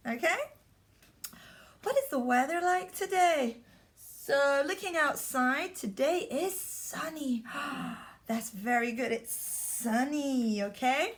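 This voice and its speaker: A woman teacher giving a remote vocabulary lesson to young children, talking slowly with repeated, encouraging prompts. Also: sits high, expressive. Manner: slow, repetitive, encouraging prompts.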